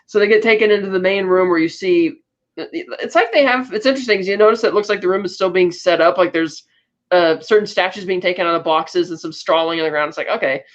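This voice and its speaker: Lo-fi sound carries a fast-talking woman whose voice runs on the low side. Co-hosting a podcast, she rattles through a film's plot casually, chatty and full of fillers and restarts.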